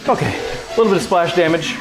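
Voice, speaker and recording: A man's voice: a little high, animated, a little fast, creaky. A man chatting and joking to his viewers while he cooks in his home kitchen during a casual livestream. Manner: joking, chatty, talks to himself while cooking. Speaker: livestream cooking host. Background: music.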